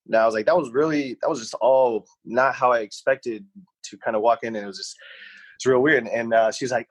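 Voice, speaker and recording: A man's voice: medium pitch, brisk, slightly rough, no room sound, poor audio. Young guy telling a rambling story, does little voices for people, dry mic. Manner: rambling, animated anecdote with voiced quotes. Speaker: podcast co-host. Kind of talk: casual storytelling.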